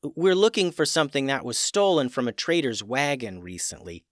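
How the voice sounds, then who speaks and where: A man's voice: medium pitch, big pitch swings, moderate pace, a bit bright, dry recording, studio quality. A man voicing a curious, direct young girl adventurer in a storybook reading.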